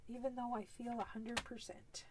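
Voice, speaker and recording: A woman's voice: on the high side, flat delivery, moderate pace, noisy background. A woman with a Canadian East Coast accent hosting a live crafting demonstration, chatty and easygoing as she works through each step. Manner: chatty, easygoing, talks while working, frequent little laughs.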